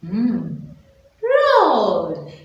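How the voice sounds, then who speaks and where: A woman preschool teacher from Uganda, telling a story in an animated, sing-song way and sounding out letters slowly for young children. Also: medium pitch, lo-fi sound, slight background noise. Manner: slow, drawn-out sounding of letters. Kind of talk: children's phonics lesson with storytelling. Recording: very echoey room, voice from far off.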